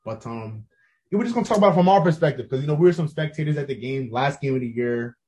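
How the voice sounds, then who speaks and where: Young male co-host, mellow tone, fast, hyped banter. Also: mid-range voice, animated. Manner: hyped, repeats his phrases. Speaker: podcast co-host. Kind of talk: casual chat.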